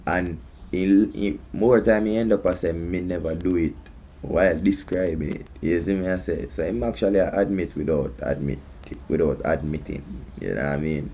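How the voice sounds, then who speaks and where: A man's voice: deep voice, moderate pace, mellow, slight background noise. A man with a Jamaican accent hosting casual commentary, often asking "you see me". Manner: conversational, repeats "you see me". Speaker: host. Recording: muffled lo-fi audio.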